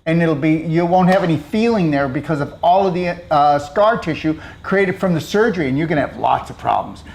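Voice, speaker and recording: A man hosting a casual health talk, his voice sitting a little high for a man. He is blunt and preachy, driving each point home with emphatic repetition and rhetorical questions. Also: animated, fairly quick, gravelly, darkish tone. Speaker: host.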